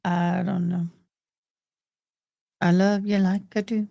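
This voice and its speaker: On a lo-fi recording with no echo, a middle-aged woman hosts a livestream, chatting casually with viewers she calls "honey" and "boo." Her voice is on the low side, level, warm, and slow, with vocal fry.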